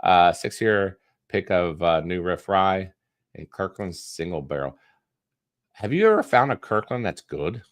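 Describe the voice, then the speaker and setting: A man's voice: deep voice, expressive, a little slow, dry recording, clean studio sound. A man co-hosting a casual live stream, chatting loosely with frequent restarts and filler words. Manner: rambling, restarts with many uhs. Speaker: co-host.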